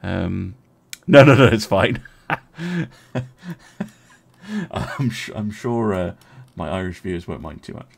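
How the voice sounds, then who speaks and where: Fields: Sex: man. Role: game streamer. Style: casual live-stream commentary. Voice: low, gravelly, very lively pitch. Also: slow pace, long pauses. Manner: chatty, thinking aloud, talking to chat with many fillers.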